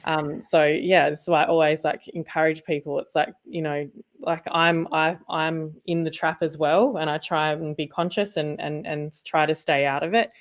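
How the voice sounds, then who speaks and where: A woman's voice: sits low, steady tone. A woman co-hosting a podcast, talking casually with lots of fillers and asides. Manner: rambling, many fillers, quick asides. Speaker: podcast co-host, former journalist.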